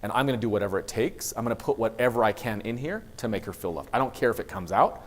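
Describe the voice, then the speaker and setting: This man's voice sits on the low side and moves fast. In the role of a university's vice president of student affairs, he delivers a motivational talk to students, a lively storyteller who performs the dialogue in his tales.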